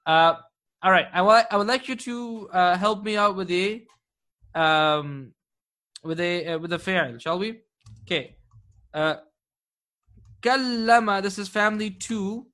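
A man teaching an Arabic grammar class, patiently quizzing his students, praising their answers and slowing down to spell out key terms. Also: high voice, sharp tone. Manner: slows down to dictate key terms.

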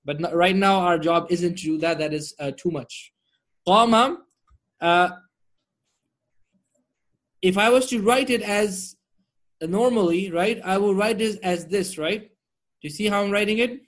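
A man's voice: high-pitched, measured pace, pauses often, fairly bright tone. A man teaching Arabic grammar online, drilling word forms and checking in with his students often.

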